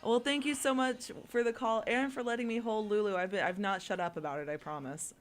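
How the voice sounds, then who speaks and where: A woman's voice: medium pitch, steady tone, fairly quick. A woman co-hosting a morning radio show, bubbly and playful in casual banter. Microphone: studio microphone.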